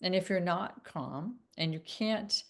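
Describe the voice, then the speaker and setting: A woman with a notably low-pitched voice coaches viewers on self-regulation. She talks in a soft, wandering way, full of fillers and small restarts. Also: takes it slowly, vocal fry. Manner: gentle, meandering, many fillers. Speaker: relationship coach. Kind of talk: casual teaching monologue.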